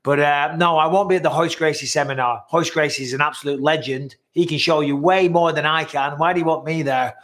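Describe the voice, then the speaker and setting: A man from northwest England with a matching accent hosts a loose live-stream chat, answering viewers' comments. His voice sits a touch higher than most men's. He is blunt and jokey, and he swears freely. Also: steady tone, brisk, hardly any pauses, fairly bright tone. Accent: northwest English.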